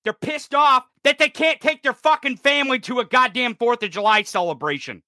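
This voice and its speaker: A male podcast host delivering an angry, profane political rant, often shouting. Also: extremely high pitch, a little fast, no echo, clean studio sound.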